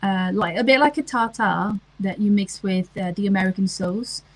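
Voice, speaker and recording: A woman's voice: medium pitch, moderate pace, dry recording, low-quality recording. A woman, chatting casually on a livestream and answering comments, with lots of ums and restarts. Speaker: livestream host.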